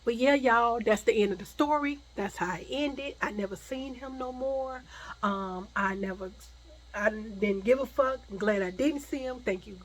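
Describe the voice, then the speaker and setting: A woman's voice: on the high side, moderate pace. A woman telling a personal story to her viewers in a casual, chatty way, repeating herself and swearing freely. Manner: chatty, repetitive, profane, addresses viewers directly.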